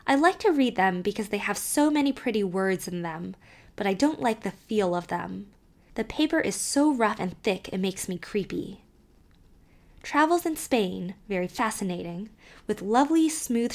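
In this audiobook, a woman with a medium-pitched voice reads out a child's first-person letter, using expressive, varied delivery.

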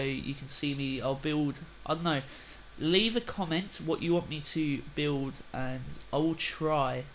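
A young Australian man rambling through casual game commentary, chatty, with sudden loud excited outbursts. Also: a little high, slight background noise, rough recording. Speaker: gaming video host.

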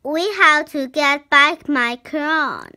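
Brief: child reading storybook boy king, bossy and urgent, high, slow. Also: lively intonation, pushed and bright, heavily acted.

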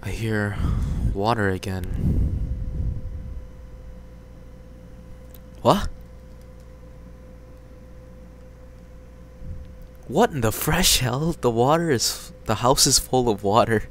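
A man voicing a brash, foul-mouthed young woman college student in his own plain, slow-paced voice while reading game dialogue. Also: mid-range voice, animated, a little hiss or hum, lightly acted, poor audio. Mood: drowsy. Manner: blunt, swears casually.

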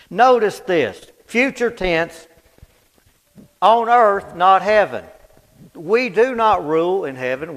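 A man preaching at a Bible study in a fervent, folksy way, repeating lines for emphasis and swinging between loud declarations and low, quiet asides. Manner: folksy, plain-spoken. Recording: reverberant church hall.

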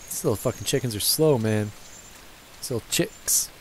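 A man's voice: mid-range voice, normal speed, slight background noise, poor audio. A young man casually commentating his gameplay, cursing and joking at the characters on screen. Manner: profane, joking, talks to the game characters. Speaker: let's play gamer. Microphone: gaming headset.

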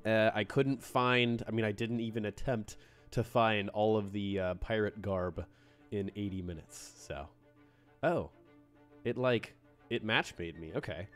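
A man live-streaming a game, excitable and playful, greeting viewers by name and joking in pirate talk. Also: on the low side, unhurried, faint music behind.

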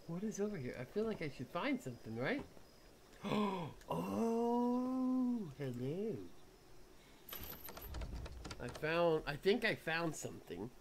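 A man narrates his own horror game playthrough with a slow, drawn-out delivery. His voice leaps all over the place as he swears, laughs nervously and yelps at scares. A faint hiss sits under the recording. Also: high-pitched, very animated. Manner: jumpy, swearing, nervous laughter, loud startled outbursts. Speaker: gaming YouTuber. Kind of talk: horror game let's play commentary.

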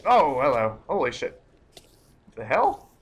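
A young man giving live commentary while playing a game, excitable, cursing often and breaking into startled outbursts. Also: mid-range voice, slow pace, slightly rough. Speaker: let's play gamer.

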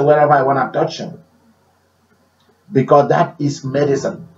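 A man preaching a sermon, repeating phrases and swinging between loud declarations and hushed prayer. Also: mid-range voice, level tone, moderate pace. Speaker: pastor. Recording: roomy, distant, dull-sounding recording.

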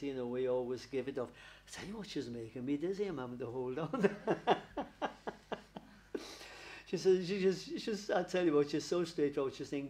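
His voice on the high side and warm in tone, a male medium delivers a platform reading at a spiritualist service. He is chatty and affectionate, often laughing and calling his listeners darling.

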